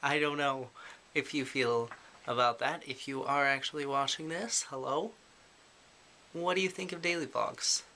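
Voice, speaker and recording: A man's voice: medium pitch, fairly even intonation, unhurried, bright, forceful tone, a little hiss or hum. A man chatting casually to the camera in a daily vlog, rambling with lots of fillers and self-deprecating asides. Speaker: vlogger.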